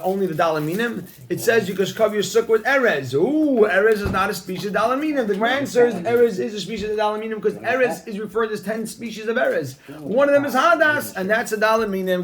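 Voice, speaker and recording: A man with a high voice teaches a Gemara study class. He explains the text in English laced with Hebrew and Yiddish terms, often restarting his sentences. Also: fast, hardly any pauses.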